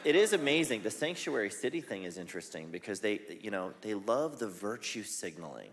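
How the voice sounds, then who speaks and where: A man with a fairly low voice speaks in a forum conversation, wry and amused. His voice echoes with the long reverb of a big church hall. A faint ambience hangs underneath. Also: big pitch swings, a little fast, a little hiss or hum. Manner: wry, laughs at his own jokes. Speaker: satire site founder as guest.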